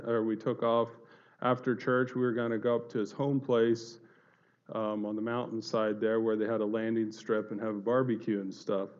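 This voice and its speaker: A man giving a personal testimony to an audience, telling it in an earnest, halting way with many fillers and restarts. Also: medium pitch, darkish tone, muffled recording. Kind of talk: earnest spoken storytelling to an audience.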